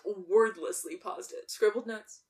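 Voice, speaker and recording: A woman's voice: mid-range voice, fairly even intonation, moderate pace, a little mellow. Sarcastic woman, heard from a distance. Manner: sarcastic, swears freely. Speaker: podcast co-host. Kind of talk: casual movie recap chat.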